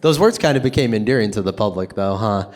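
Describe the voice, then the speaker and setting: A man's voice: fairly low pitch, expressive, fast talker. A man moderating a stage Q&A, asking curious, inviting questions. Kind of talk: interview questions.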